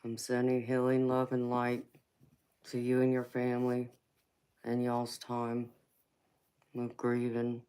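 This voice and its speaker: A woman's voice: a bass voice, monotone, slow pace, pauses often, dark tone, clear, resonant tone. A woman with a Southern Georgia accent hosting a live chat, answering viewers affectionately with sweetheart and honey while getting over a cold. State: fighting a cold. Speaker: tarot livestream host. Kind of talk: casual live chat reading comments.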